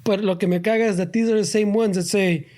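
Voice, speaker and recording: A man's voice: high voice, fairly even intonation, fast, darkish tone. A man in casual podcast chat. He argues his points and switches between Spanish and mid-sentence. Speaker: podcast co-host.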